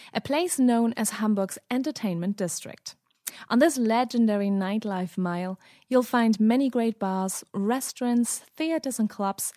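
A woman's voice: a little high, a little mellow, no echo, studio quality. A woman, the show's cultural correspondent, reading a cheerful scripted travel segment in a language lesson.

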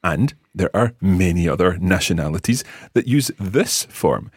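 A man's voice: sits low, animated, a little slow, husky, no echo, studio quality. A Scottish man hosting an audio language lesson, patiently enunciating words for learners to repeat. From Scotland. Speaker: language teacher, podcast host.

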